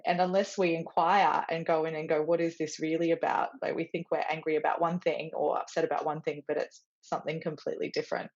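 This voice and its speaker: A woman's voice: sits low, a little mellow. A middle-aged woman hosting a podcast, chatting casually with many restarts and easy laughter. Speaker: podcast host and stylist. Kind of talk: casual conversational chat. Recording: dull lo-fi sound.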